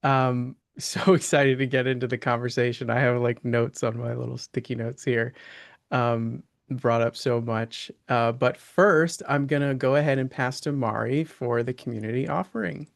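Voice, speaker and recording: Man, service host, gravelly, dry recording. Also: mid-range voice, fairly even intonation, moderate pace, dry recording.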